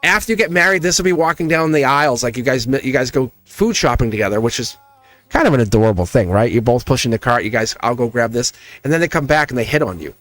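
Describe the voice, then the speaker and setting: Animated man giving a live tarot reading. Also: mid-range voice, fast, no echo. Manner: animated, chatty, laughs often, talks straight to viewers. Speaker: tarot reader and live stream host.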